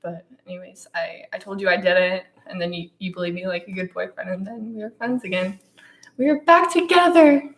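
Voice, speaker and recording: A young woman co-hosts a casual podcast chat in an echoey room, her fairly low voice level in tone and fairly quick, with few pauses. She's playful, laughs often, and tells stories with dramatic flair.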